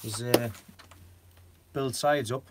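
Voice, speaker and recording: A man's voice: mid-range voice, fairly even intonation, takes it slowly, very noisy. A man chatting on a gardening live stream, rambling with lots of fillers and frequent giggles. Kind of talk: casual live stream chat.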